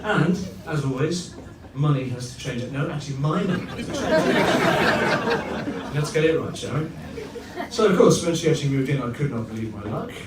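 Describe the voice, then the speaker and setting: A man's voice: fairly high pitch, big pitch swings, normal speed, far from the mic, a loud crowd. A man doing a stand-up comedy routine in a pompous mock-posh manner, on a comedy club stage. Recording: roomy live venue from afar with audience noise.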